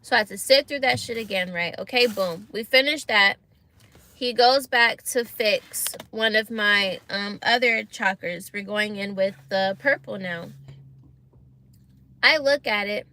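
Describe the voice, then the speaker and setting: A young woman telling a story to her viewers in a casual vlog, animated and exasperated, using slang and talking straight to camera. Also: medium pitch, a little slow. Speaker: vlogger.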